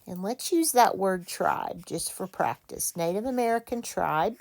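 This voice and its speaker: A woman teacher leading a reading lesson for children, patient and quick to correct herself. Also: mid-range voice, expressive, creaky, a little mellow. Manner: slow, patient, self-correcting.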